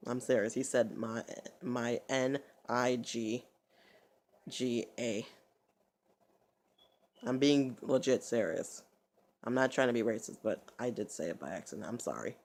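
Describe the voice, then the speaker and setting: A man's voice: medium pitch, measured pace, pauses often. A man vlogging, telling a story in a loose, rambling way full of cursing and stumbling restarts.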